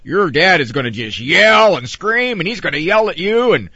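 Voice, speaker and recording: A cocky teenage boy jeers loudly at a friend, as a man acts him out. The voice is husky and bright, and it comes across a little dull and dry. It pushes hard and teases. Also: high voice, big pitch swings, normal speed, no room sound, exaggerated voice. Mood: taunting.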